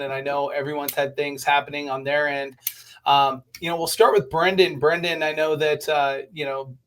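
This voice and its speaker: A man's voice: fairly high pitch, a bit bright. A man hosting a podcast, giving chatty, upbeat introductions over a video call. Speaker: podcast host. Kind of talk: casual podcast chat.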